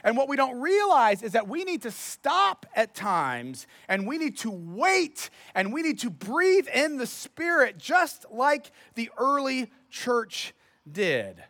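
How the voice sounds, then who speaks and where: A man's voice: very high-pitched, sharp tone, no room sound. A man preaching a sermon as pastor, telling stories in a conversational, self-deprecating way.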